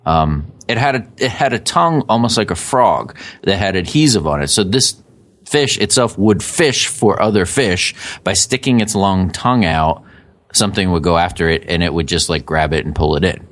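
Podcast co-host, man, low and expressive, chatty explainer. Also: moderate pace. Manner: animated storytelling, jokey asides. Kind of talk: casual chat, explaining lore.

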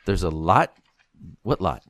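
A man's voice: sits low, lively intonation, slow, a bit bright, no room sound. A man, a podcast guest, chatting with amusement and enthusiasm, often restarting his sentences. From America. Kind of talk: casual chat.

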